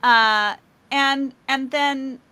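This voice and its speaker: A woman hosting an interview podcast, talking in a halting way as she chats with a guest. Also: high voice, steady tone, pushed and bright, clean tone. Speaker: podcast host. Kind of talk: casual interview chat.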